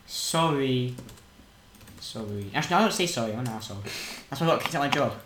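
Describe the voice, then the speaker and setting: A man's voice: medium pitch, expressive, racing, fairly bright tone. A man chatting casually while playing a game, joking and crude. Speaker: gamer. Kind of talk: casual gaming chat. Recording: roomy home mic with faint noise.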